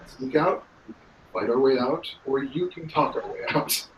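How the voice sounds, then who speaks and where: Guy doing a hoarse tough sick lady, blunt, roomy far-off sound. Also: mid-range voice, a little slow, dull audio, slight background noise, lightly acted. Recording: roomy, distant mic.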